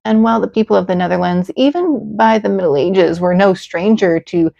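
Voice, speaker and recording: A woman hosting and narrating a calm bedtime story in a gentle, soothing way, over dull audio with faint music. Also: mid-range voice, fairly quick, gravelly. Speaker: host and narrator.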